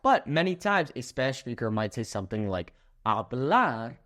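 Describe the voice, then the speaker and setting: Lively young man teaching Spanish. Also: mid-range voice. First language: English. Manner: upbeat, slows down to spell out words, checks in with "okay?". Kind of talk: energetic language lesson.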